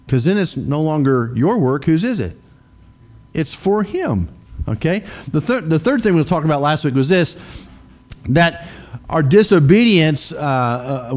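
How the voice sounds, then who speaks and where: Man preaching, fairly high voice, chatty, quizzes the listeners, lots of uh and um. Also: darkish tone. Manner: conversational, asks the congregation questions; many fillers and restarts. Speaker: pastor. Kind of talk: sermon.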